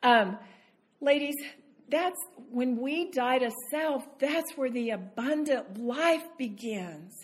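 High-voiced woman preaching with laughter. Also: slow pace. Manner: animated, laughing, self-deprecating. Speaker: women's Bible teacher. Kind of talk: sermon to women.

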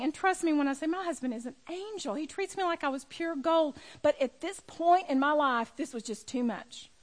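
A middle-aged woman speaking to a room as a women's ministry speaker, telling a personal story with emphatic, building delivery. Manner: storytelling, emphatic, rising to near-shouting at high points. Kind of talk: personal testimony talk. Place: room with a live audience.

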